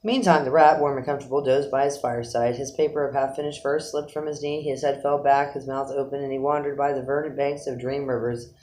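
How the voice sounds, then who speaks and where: A man narrating a children's animal story aloud in an expressive storytelling manner. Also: mid-range voice, brisk, few pauses, a little hiss or hum, poor audio. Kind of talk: storybook reading.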